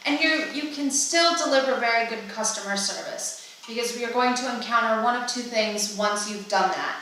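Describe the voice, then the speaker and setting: A woman's voice: a little high, moderate pace, sharp tone. A woman co-presenting a workshop with direct, encouraging speech. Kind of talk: conversational seminar talk. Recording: echoey room from a distance with faint noise.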